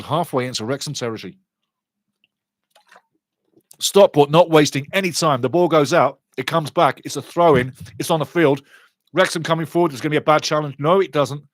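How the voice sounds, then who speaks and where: A man's voice: on the high side, no echo. A man hosting a live football watch-along, giving chatty fan commentary and reading out viewer comments.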